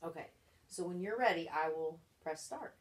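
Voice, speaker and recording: A woman's voice: low voice, lively intonation, moderate pace. Patient woman tutoring a young reader. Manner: encouraging, patient, explains step by step. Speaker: reading tutor. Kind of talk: one-on-one reading lesson.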